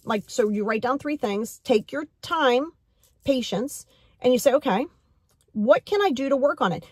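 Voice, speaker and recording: A woman's voice: sits high, a little mellow, breathy edge, no echo, studio quality. A woman in her forties giving a motivational talk as a life coach, earnest and direct, repeating key phrases for emphasis.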